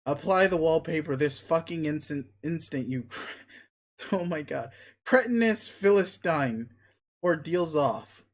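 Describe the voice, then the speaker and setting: A man's voice: a little high, a little slow. A man reading a webcomic aloud, voicing an arrogant, crude young male alien who talks in a pushy, sneering, blunt way. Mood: domineering.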